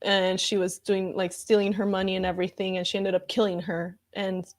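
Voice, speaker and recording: A woman speaks in a casual reaction vlog, sounding upset and heated as she rambles through her thoughts with lots of fillers. She pauses now and then to read viewer comments aloud. Her voice sits at an ordinary middle pitch. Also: little pitch movement. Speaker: comedian reacting to news.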